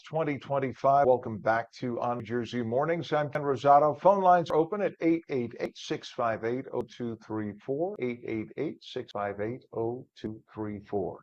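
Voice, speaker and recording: A man's voice: mid-range voice, moderate pace, hardly any pauses, darkish tone. A man hosting a live morning news and talk show, chatty and upbeat. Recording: dull, dry studio sound.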